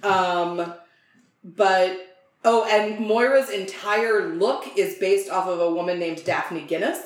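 A woman's voice: medium pitch, slow pace. A woman chats on a podcast in a mid-range voice, gushing about what she loves and swearing without a second thought. Her talk runs on ums and likes. The room around her adds a noticeable echo. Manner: chatty, gushing, swears freely, many fillers. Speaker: podcast co-host. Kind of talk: casual chat. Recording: roomy echo.

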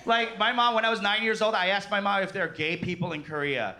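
High, bright-voiced comedian in his thirties. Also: fast talker. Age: 30s. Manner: animated, crude, laughing mid-sentence. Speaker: stand-up comedian. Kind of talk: stand-up comedy set. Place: comedy club stage. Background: laughing audience.

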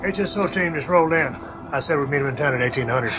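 A man's voice: on the high side, fast, close to an everyday voice. Cursing soldier boss played by a man, tired and blunt, movie score under it. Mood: irritated. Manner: blunt and profane. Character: gruff, weary male soldier commander, swearing. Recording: film soundtrack with music under it.

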